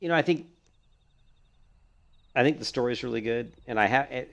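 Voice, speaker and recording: A man's voice: fairly low pitch, quick pace. A young man giving casual, rambling commentary while playing a video game. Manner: rambling, filler-heavy, restarts often. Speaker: gaming video host.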